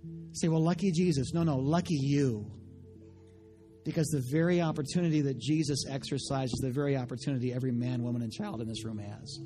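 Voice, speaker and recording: Animated preaching man, faint music behind. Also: medium pitch, fairly quick. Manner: storytelling with acted voices, building to loud passionate preaching. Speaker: pastor. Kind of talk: sermon.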